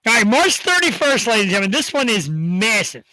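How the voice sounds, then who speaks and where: Excitable high-voiced male host. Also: brisk, dry recording, poor audio. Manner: excitable, rambling hype. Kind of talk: casual talk show chat.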